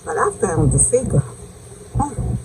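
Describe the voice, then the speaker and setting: This woman's voice sits lowish, swinging widely in pitch at a measured pace over a noisy background. A home cook and channel host, she tastes her dish on a casual cooking vlog, gushing to viewers, calling them baby and y'all, and humming "mm" as she savors each bite.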